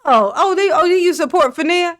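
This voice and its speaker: A woman's voice: very high-pitched, lively intonation, moderate pace, fairly bright tone. A woman hosting a casual reaction commentary, sarcastic and mocking, laughing often and swearing freely. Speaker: commentary host.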